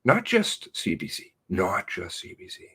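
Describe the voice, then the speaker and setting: A man hosting his own channel, reading out a news release in a furious, swearing rant that swings from shouts to hushed mutters. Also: sits low, wildly swooping pitch, measured pace, husky. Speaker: channel host.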